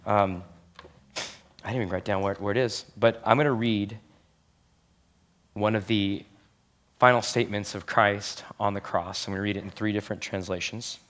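Young guy pastor preaching, lowish voice, earnest, leans on the big words. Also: fairly bright tone. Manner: earnest, emphatic, slows down on key phrases. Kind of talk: sermon.

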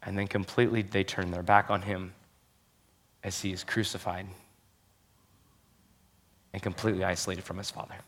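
A man preaching a sermon as a pastor, earnest and emphatic, slowing down to stress key phrases. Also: low-pitched, level tone, a bit bright.

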